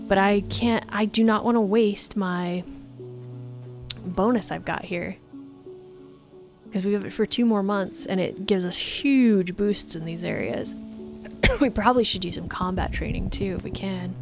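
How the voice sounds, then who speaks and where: A woman's voice: medium pitch, a little slow, pauses often, over music. A woman streaming a story game live, chatting and reading the game text aloud.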